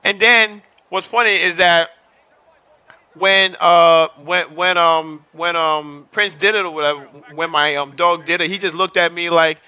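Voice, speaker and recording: Excitable thirtysomething guy on his livestream, high piercing voice, kinda muffled lo-fi audio. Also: unhurried, clear, resonant tone. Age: 30s. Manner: excitable, repetitive, hypes up the chat. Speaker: livestream host. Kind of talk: casual livestream chat.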